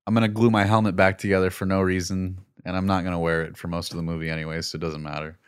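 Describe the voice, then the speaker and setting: A sulky, bored young male villain, as a man mocks him in a low mutter. He mumbles flatly and fast, sounding like he couldn't care less. This is a light parody voice, not a full performance. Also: clean tone, no room sound, clean studio sound, lightly acted.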